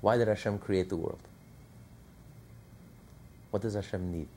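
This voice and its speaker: A man's voice: lowish voice, measured pace, slight background noise. A man teaching a Torah class to a live audience, asking questions and answering them himself with rising emphasis. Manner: animated, asks and answers his own questions.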